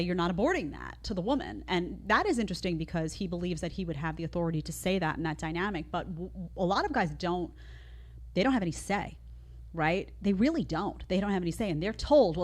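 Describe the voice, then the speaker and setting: A middle-aged woman hosting her own opinion show, talking in an emphatic way with lots of rhetorical questions. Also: lowish voice. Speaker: show host. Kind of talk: opinion commentary.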